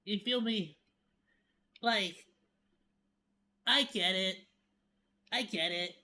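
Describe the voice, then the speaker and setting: A man's voice: high-pitched, very slow, sharp tone. A man chatting casually as a streamer reacting to a video, joking, laughing often and stumbling over restarts.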